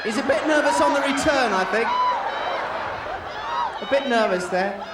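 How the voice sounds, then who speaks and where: Man, jokey game commentator, distant echoey mic, loud crowd behind. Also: very high voice, normal speed, very noisy. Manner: jokey, teasing, excitable. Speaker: game presenter. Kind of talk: lively outdoor game commentary. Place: outdoor sports field with crowd.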